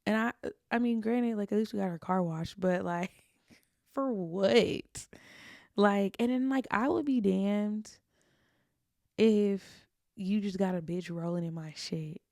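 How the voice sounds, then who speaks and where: A woman's voice: medium pitch, slow pace, vocal fry, a little mellow, no echo, studio quality. A young adult woman hosting a podcast, telling stories about her own past in a candid, confessional way with casual slang. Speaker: podcast host.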